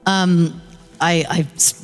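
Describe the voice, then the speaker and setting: Lively woman storyteller, audience testimony, echoing hall sound. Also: faint music behind. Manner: fast, lively storytelling with high-pitched acted quotes. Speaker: audience member sharing a story. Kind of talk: animated personal testimony.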